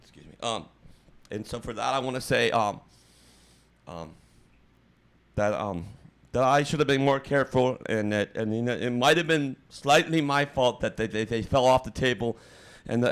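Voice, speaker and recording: A man hosting a livestream, giving a halting mock apology with many fillers and restarts in a deadpan, fake-emotional tone. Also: mid-range voice, clear, resonant tone. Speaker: streamer host.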